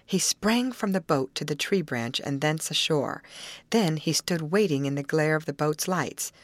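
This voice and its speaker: Measured woman narrator, dry and close. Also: sits low, dry recording. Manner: even, measured storytelling. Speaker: audiobook narrator. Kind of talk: scripted narration.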